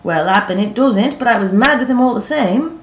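A woman's voice: fairly high pitch, lively intonation, brisk, slight background noise, pitched above the performer's own voice, natural voice. A woman narrator voicing a bold, practical teenage country girl who chatters eagerly, using northern English dialect words. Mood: indignant. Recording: roomy echo.

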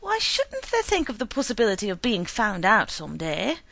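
A woman's voice: medium pitch, huge pitch swings, normal speed, vocal fry, fairly bright tone, dry recording, full character voice. A woman reading the part of a puzzled wife who questions her husband and soothes him. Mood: questioning.

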